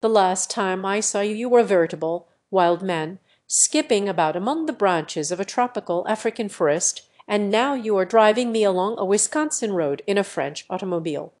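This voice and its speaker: Excitable older gentleman scholar, read by a synthetic woman's voice, old-fashioned exclamations. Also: medium pitch, moderate pace, few pauses, close to an everyday voice. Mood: amazed.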